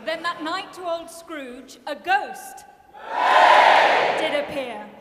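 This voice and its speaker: A woman narrating comic verse on stage in a measured storytelling manner, heard in an echoey church with crowd and noise. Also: very high-pitched, lively intonation.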